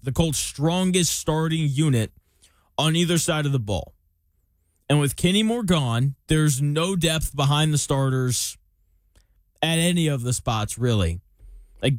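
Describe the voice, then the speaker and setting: A man's voice: fairly high pitch, no room sound. A man hosting a casual sports talk show, chatting through team analysis with jokey comparisons and reading out listener questions. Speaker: sports podcast host.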